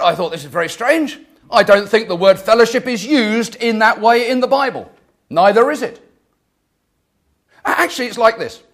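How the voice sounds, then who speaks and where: Earnest high-voiced male preacher. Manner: earnest, repeats phrases and restarts, swells and drops in loudness. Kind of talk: sermon.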